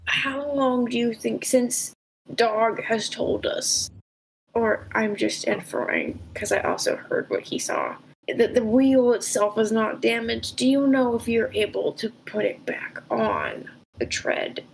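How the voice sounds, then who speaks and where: A woman's voice: on the high side, very animated, a little slow, creaky, slight background noise, poor audio. A woman playing a tabletop game, chatting and describing her character's actions. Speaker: player.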